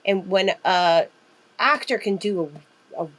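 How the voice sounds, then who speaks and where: A woman co-hosting a horror podcast in casual chat, excitable, swearing freely and using lots of fillers. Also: medium pitch, measured pace, noisy background. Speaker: podcast co-host.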